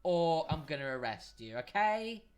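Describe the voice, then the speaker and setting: A man's voice: on the high side, sing-song, normal speed, clean tone. A man voicing a hostile, bigoted male town guard who swears and threatens. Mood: contemptuous.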